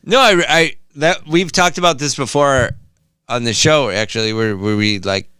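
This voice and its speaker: A man co-hosting a podcast, joking around in profane, lively casual chat. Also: mid-range voice, normal speed, clean tone, no echo.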